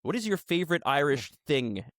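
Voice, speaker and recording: Male podcast host, playful and animated, dry close-miked sound. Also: fairly high pitch, fairly quick, dry recording. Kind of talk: casual wrestling podcast chat.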